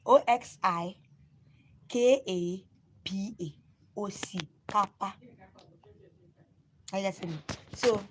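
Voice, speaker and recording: On a phone live stream, a young Nigerian woman whose native language is Igbo gives a casual lesson, repeating and spelling out each word and telling viewers to write them down. Her voice is medium-pitched, and the rough recording carries a little hiss or hum.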